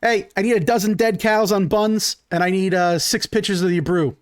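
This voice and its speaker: A man doing a nervous, greasy halfling cook in a tabletop game, fumbling through his words with uhs and stray curses. The voice is pitched up over a plain speaking voice. The sound is dry and close. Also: sing-song, unhurried, dry recording, exaggerated voice. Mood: flustered. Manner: hesitant, fumbling, full of uhs and sudden curses.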